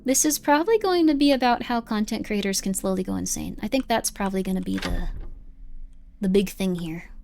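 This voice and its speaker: A woman's voice: medium pitch, quick pace, creaky, hardly any pauses, a little mellow, slight background noise. A woman streamer giving rambling, chatty commentary on a live game and reading its text aloud.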